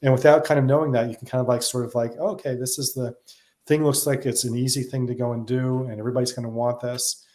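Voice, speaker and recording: Man, interview guest, brisk talker, reflective, filler-heavy casual chat. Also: medium pitch, level tone, darkish tone. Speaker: guest, software consultant.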